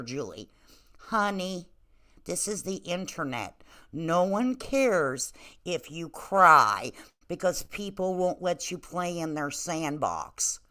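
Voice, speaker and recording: A woman's voice: fairly low pitch, sing-song, takes it slowly, pushed and bright. A woman hosting a casual live-stream commentary, talking in a sassy, blunt, teasing way. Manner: sassy, blunt, playful scolding.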